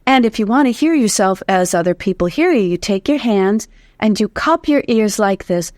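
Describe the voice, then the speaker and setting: A US woman guesting as a voice teacher in an interview gives vocal tips, hums demonstrations, and laughs easily. Her medium-pitched, darkish voice is animated at a moderate pace, recorded clean in a studio with no echo.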